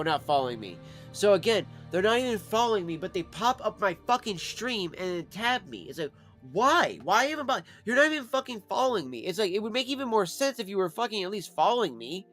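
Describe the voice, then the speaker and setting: A man rants on a live stream, exasperated and swearing freely as he talks. His voice sits somewhat high for a man. Faint background music plays underneath. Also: very animated, a little fast, fairly bright tone. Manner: profane, exasperated ranting. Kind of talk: casual live-stream rant.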